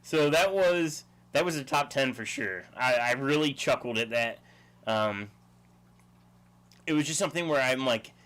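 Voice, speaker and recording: Livestream host, male, easygoing, chuckly, mid-pitched, rambling chat. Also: fairly bright tone.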